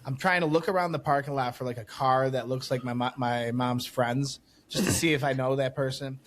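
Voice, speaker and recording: A man hosting a casual podcast, telling a story with lively acted-out dialogue and frequent swearing. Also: medium pitch, fairly quick, slight background noise. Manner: animated storytelling, acts out dialogue, swears freely. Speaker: podcast host.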